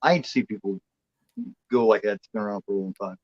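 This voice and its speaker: A man's voice: on the low side, quick pace, dry recording, lo-fi sound. A man co-hosting a horror movie chat show, rambling and swearing freely in casual talk. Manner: rambling, swears freely, voices the cat in a playful drawl.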